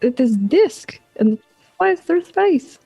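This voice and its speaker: A woman's voice: high-pitched, very animated, takes it slowly, gravelly, mellow, soft background music. A woman playing her character in a tabletop game, teasing and giggly in tone. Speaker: player voicing her character. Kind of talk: in-character tabletop role-play.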